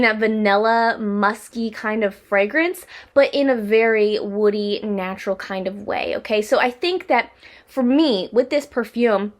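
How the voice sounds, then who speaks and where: Chatty young woman reviewing perfume. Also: fairly high pitch. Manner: chatty, rambling, full of "like" and restarts. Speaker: perfume reviewer, channel host. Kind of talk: casual product review vlog.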